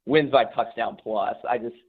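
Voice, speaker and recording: A man's voice: mid-range voice, moderate pace. A man calling into a sports betting show, giving his pick in a matter-of-fact way. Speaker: caller. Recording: phone line.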